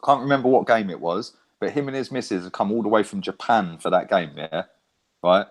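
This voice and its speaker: A man talks in casual chat, his voice sitting a little low. He swears freely and keeps tossing in little checks for agreement. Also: a little fast. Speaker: fan YouTuber guest.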